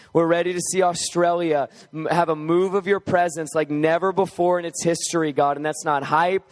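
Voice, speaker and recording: A young man with a high, lifted voice preaching and leading prayer. He talks casually, with fillers and restarts, then pushes into fervent, shouted exclamations. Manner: casual, conversational with filler words. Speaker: guest preacher. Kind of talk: sermon leading group prayer.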